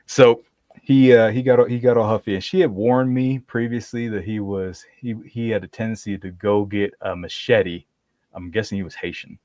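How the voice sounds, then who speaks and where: On a podcast, a man with a lowish voice spins a story in relaxed conversation, speaking at a normal speed. He's animated, laughs a lot, and imitates the people he quotes. It's a dry recording.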